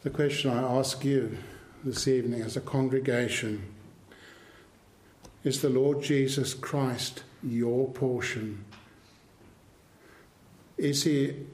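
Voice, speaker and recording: Slow, measured male preacher. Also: medium pitch, darkish tone, reverberant. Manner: slow, measured, emphatic delivery. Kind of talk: sermon. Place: church.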